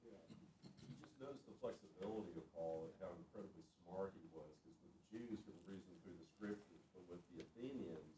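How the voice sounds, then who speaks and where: A man in a study group, making a brisk, admiring point. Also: sits low, noisy background. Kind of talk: group discussion. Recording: distant from the mic.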